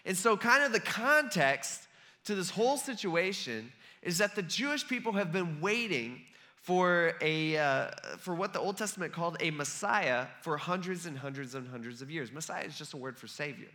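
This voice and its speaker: A man with a fairly high, bright and forceful voice gives a relaxed, chatty sermon. He talks to the room as if to friends and slips into the voices of the people he quotes. His delivery is loose and animated. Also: normal speed. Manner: conversational, acts out quoted voices. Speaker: preacher. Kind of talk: casual sermon.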